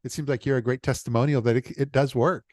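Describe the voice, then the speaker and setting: A man with a mid-range voice hosts a relaxed interview. He talks quickly and fills his questions with "uh" and "yeah." The sound is dry and close. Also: medium pitch, no echo. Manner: fast, with frequent fillers and quick affirmations. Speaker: interviewer, host. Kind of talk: casual interview chat.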